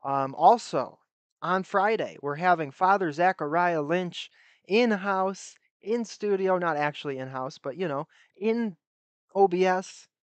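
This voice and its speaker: A man's voice: sits high, a little slow, clear, resonant tone, no echo, highs cut off. A man hosting his own livestream, chatting loosely and rambling with a self-deprecating streak. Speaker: livestream host. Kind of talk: casual livestream commentary.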